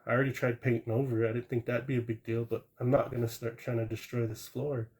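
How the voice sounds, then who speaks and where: A man tells a true ghost story as a guest on a live stream. His voice sits at an ordinary middle pitch. He rambles in a plain-spoken way, restarting sentences and adding asides as he goes. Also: little pitch movement, quick pace, darkish tone. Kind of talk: casual storytelling.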